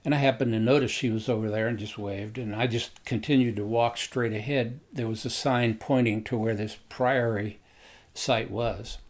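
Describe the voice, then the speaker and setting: A man recounting a personal story in a relaxed, conversational way. He rambles a bit and fills gaps with hesitations, in an ordinary mid-range voice. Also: mid-range voice. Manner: unhurried, rambling, with frequent hesitations.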